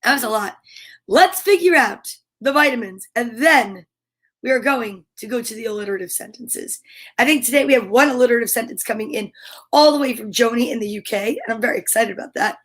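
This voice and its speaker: A woman's voice: on the high side, fairly quick. A woman hosting a storytime livestream for children, bubbly and sing-song, chatting to viewers and reading their comments aloud.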